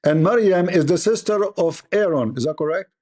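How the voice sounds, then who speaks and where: A man's voice: sits high, moderate pace, darkish tone. A man who grew up in the Arab world, a native Arabic speaker, hosting a heated debate, insistent, repeating his questions and cutting in. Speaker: debate host.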